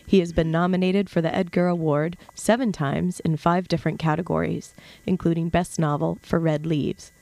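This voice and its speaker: A woman hosting a radio interview in a studio, halting and restarting her questions. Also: low voice, creaky, darkish tone, dry recording. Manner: hesitant, many fillers and restarts. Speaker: radio show host.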